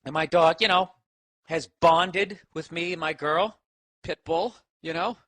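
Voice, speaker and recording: A man's voice: on the high side, steady tone, measured pace, fairly bright tone, dry recording. A man with a Boston accent ranting casually and sarcastically on his podcast, swearing often and talking to his dog. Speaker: comedian podcast host. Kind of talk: casual rambling rant. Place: home office.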